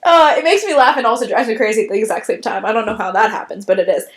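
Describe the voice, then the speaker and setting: Woman podcast cohost, high voice, laughs a lot, sounds echoey. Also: very fast. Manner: laughs hard, giggly and exclaiming. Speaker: podcast co-host. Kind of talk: casual chat.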